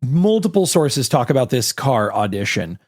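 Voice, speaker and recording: Podcast co-host, male, relaxed trivia delivery, dry close mic. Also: mid-range voice, moderate pace, no echo. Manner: relaxed, reads out trivia with asides. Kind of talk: casual chat about a film.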